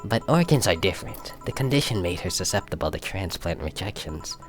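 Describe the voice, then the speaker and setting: A man voicing a calm young woman who lost her sister, speaking in a measured, soft, explanatory way in a fan reading of a visual novel. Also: sits low, faint music behind. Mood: somber.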